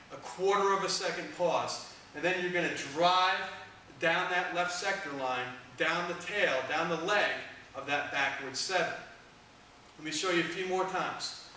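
A man coaching discus technique, giving energetic, emphatic cues in an instructional demo. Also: sits high. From United States. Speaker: throwing coach. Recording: echoey room, distant mic, faint noise.

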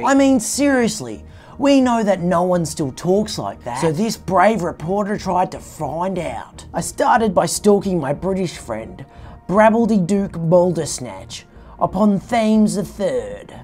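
A woman reading satirical news headlines as a parody anchor in a mock-serious, deadpan way. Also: on the low side, slow, soft background music. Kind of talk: satirical newsreading.

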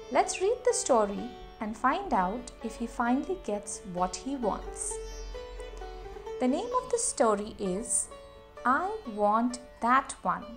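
A woman reading a children's story aloud in a slow, expressive way, as host of her channel. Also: on the high side.

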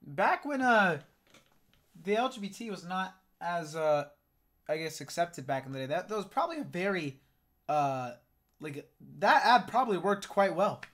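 A man's voice: sits high, sing-song, moderate pace, a bit bright. A man streaming, giving loose, joking reaction commentary and swearing freely.

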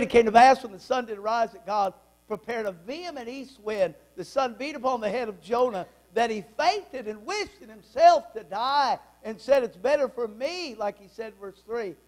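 A pastor delivers a sermon in a church sanctuary, his male voice sitting unusually high. He preaches with emphasis, reads scripture aloud and throws questions out to the congregation. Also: a little mellow, rough recording.

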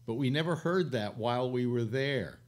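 A man's voice: medium pitch, lively intonation, moderate pace, a little mellow. An older man from California hosting a casual, rambling chat, full of fillers and restarts. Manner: meandering, many fillers and restarts. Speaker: show host.

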